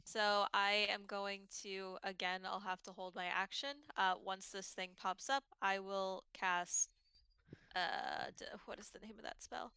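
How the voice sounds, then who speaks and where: A woman's voice: mid-range voice, fairly even intonation, unhurried, pushed and bright, clean tone. A woman playing a tabletop game, thinking aloud hesitantly with many fillers. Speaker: player.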